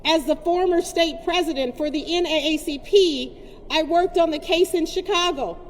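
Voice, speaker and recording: A woman speaks at a protest rally with an impassioned, storytelling delivery. Her voice sits high for a woman. The sound carries a long reverb tail with faint background ambience. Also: moderate pace, a little hiss or hum. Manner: impassioned, storytelling address to a crowd. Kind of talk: protest speech.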